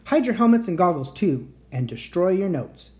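A woman voicing a confident young man pilot who calls out brisk, clipped commands in a storybook reading. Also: lowish voice, big pitch swings, darkish tone. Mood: commanding.

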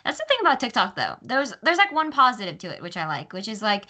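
A woman's voice: fairly high pitch, wildly swooping pitch, quick pace, pushed and bright. A young woman co-hosting a podcast in casual chat, giggly and bubbly, with lots of "like" fillers. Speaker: podcast co-host.

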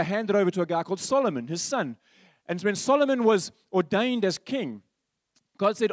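A male pastor preaching a sermon, telling stories that swing from animated to hushed. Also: high voice, normal speed, no room sound, studio quality.

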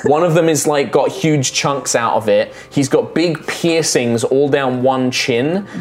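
A man narrating a tabletop game as game master, animated and laughing often. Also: medium pitch, measured pace. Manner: animated, full of fillers and laughter.

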